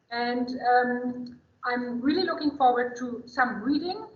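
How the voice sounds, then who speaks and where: A woman's voice: on the high side, fairly bright tone. A woman hosting a class session, eagerly introducing a guest author in a chatty way with many fillers, over a video call. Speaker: host and lecturer. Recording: echoey, dull video-call audio.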